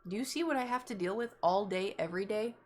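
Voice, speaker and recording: A woman's voice: medium pitch, fast, darkish tone. A woman streamer chatting casually on a live stream, telling a story and breaking off to scold her cat in exasperated asides.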